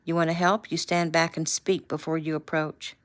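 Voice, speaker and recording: A woman voicing a spirited, gun-savvy young woman who talks in a brisk, sassy, teasing way, in a read-aloud novel. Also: low-pitched, level tone, lightly acted.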